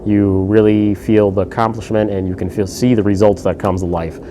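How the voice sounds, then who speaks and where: A man giving a casual, laid-back firearms review, swearing freely and filling pauses with lots of ums and uhs. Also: fairly low pitch, flat delivery, mellow, a little hiss or hum.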